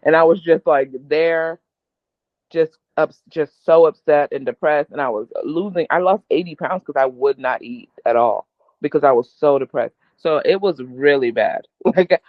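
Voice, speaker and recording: A woman's voice: low voice, moderate pace, no room sound. A woman guest speaking candidly and emotionally about her own life, laughing often as she talks. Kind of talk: candid personal storytelling. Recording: tinny, dry, phone-like line.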